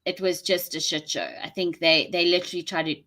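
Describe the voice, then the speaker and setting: South african woman rambling away on a live stream, bright voice, laughs a lot. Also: fairly low pitch, flat delivery, fairly quick. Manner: chatty, rambling, laughs often. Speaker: livestream host. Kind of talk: casual live-stream chat with viewers.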